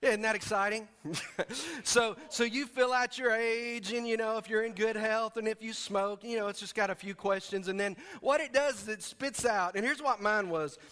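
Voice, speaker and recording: A man's voice: high voice, fairly even intonation, moderate pace, pushed and bright, smooth. A man preaching a sermon as a pastor, folksy and joking, leading his congregation in call-and-response. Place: church sanctuary. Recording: echoey church hall.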